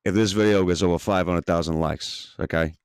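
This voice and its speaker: Man, deep low voice, podcast co-host, brash and emphatic, swears a lot, dry close sound. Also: fairly even intonation, fairly quick, clean tone, no echo. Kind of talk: casual podcast chat.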